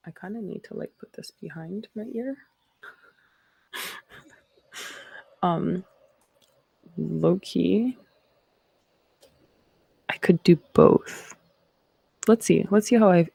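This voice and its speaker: A woman's voice: lowish voice, creaky, mellow, no echo. A woman from Canada with a Canadian accent, hosting a casual livestream chat in a rambling, reflective way. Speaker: host.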